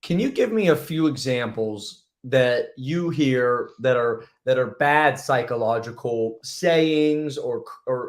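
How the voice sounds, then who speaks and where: A male host asks long, winding questions, doubling back on his words as he goes. His voice sits at a middle pitch, and his delivery is casual and easygoing. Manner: rambling questions with repeated words, easy laughs. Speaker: interview host. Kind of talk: casual interview talk.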